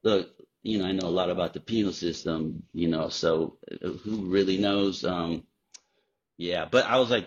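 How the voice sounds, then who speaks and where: A man guest on a podcast, telling candid, profane stories in a casual, animated way. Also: low-pitched, moderate pace, husky. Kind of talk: casual storytelling. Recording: dull lo-fi sound.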